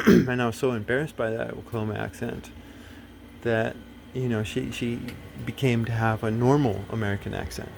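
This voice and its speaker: A man's voice: mid-range voice, fairly even intonation, normal speed, vocal fry, background noise. A man talking casually to the camera, rambling and blunt, full of fillers, restarts and swearing. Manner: profane, blunt. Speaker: video host.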